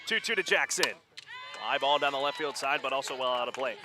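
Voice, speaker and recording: A man calling a high school softball game play-by-play, getting quick and excited during close plays. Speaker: play-by-play announcer. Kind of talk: live sports commentary.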